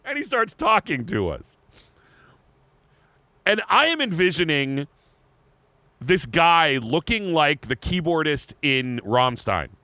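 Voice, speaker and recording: A man co-hosting a podcast, telling a story in casual chat, animated and laughing, often restarting his words. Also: a little high, dry recording. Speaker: podcast co-host.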